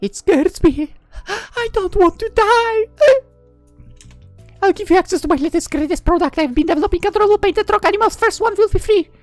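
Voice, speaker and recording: A performer voicing an excitable, diminutive girl who keeps pitching strange homemade products, talking in quick pleading sales patter. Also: dry recording, soft background music. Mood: scared, wheedling. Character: small excitable girl peddling odd products.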